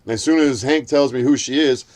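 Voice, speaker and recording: A man's voice: brisk, darkish tone. A man in a casual chat, telling a heated story full of swearing and acting out what others said. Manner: acts out quotes in a shrill voice.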